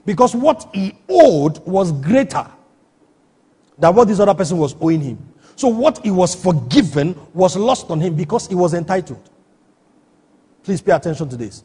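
A man's voice: sits high, very animated, normal speed, dark tone, slightly rough. A man preaching a sermon, emphatic, often asking his listeners whether they understand. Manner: emphatic, rhetorical questions to the congregation. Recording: echoey hall reverb.

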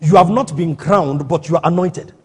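A man preaching with a high, very husky voice that carries a long reverb from the hall around him. He presses his points with rhetorical questions, checking that the congregation is following him. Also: normal speed. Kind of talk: sermon.

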